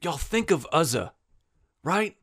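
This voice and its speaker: A man preaching an impassioned sermon, fervent and emphatic, swinging between urgent and hushed. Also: a little high, sing-song, slow pace, husky.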